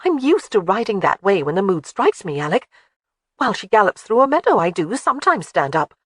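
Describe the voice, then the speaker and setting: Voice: mid-range voice, very animated, husky, no room sound, clean studio sound, voice pushed up. A narrator doing a spirited, defiant young bride. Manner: quick to snap back, argumentative.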